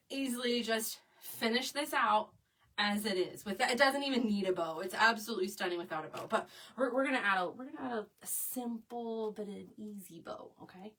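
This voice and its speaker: Woman, middle-aged, chatty crafting host, fairly high voice, slightly distant mic. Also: a bit bright. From Oklahoma. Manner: chatty, reads viewer comments aloud, laughs easily. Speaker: crafting live-stream host. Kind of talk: casual live-stream chat. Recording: voice a bit far from the mic.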